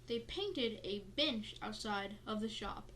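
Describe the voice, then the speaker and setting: A woman's voice: on the high side, expressive, slow pace, a bit bright, slight background noise. A woman co-hosting a podcast in casual chat, tired and yawning, playful and jokey as she wanders off-topic. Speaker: podcast co-host.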